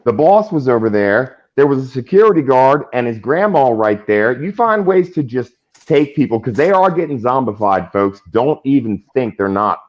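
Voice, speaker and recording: A man's voice: mid-range voice, moderate pace. A man ranting on a livestream call, his voice leaping up and down as he swears. The sound is muffled and lo-fi, like remote call audio. He speaks in a loose, casual way. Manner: animated, swearing ranter. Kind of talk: casual chat.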